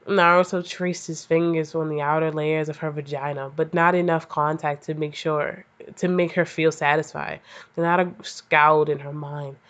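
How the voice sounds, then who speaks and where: A woman's voice: deep voice, fairly bright tone. Crude, self-mocking woman reading fan fiction. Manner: profane, self-mocking, stumbles over words. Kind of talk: comedic reading with crude asides. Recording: slightly dull lo-fi audio.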